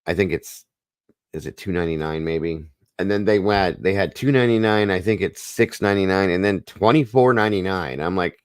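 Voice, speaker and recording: A man hosting a live stream, chatting casually in a rambling, folksy way and clearing his throat now and then. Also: low-pitched, a little fast, dry recording, clean studio sound. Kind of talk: casual chat.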